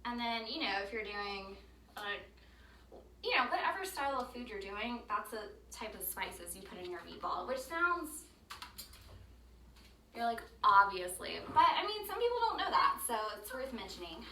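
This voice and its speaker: A woman's voice: fairly high pitch, lively intonation, moderate pace, sharp tone. A woman casually chatting while she cooks in her home kitchen, rambling with lots of ums. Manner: chatty, rambling, with many ums, baby talk to her dog. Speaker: home cook vlogger. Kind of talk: casual cooking vlog chat. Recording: roomy kitchen, mic some distance off, faint background noise.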